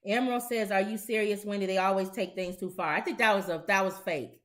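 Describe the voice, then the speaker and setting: A woman co-hosting a casual chat show, animated and acting out voices for laughs. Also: medium pitch, a little fast. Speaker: co-host.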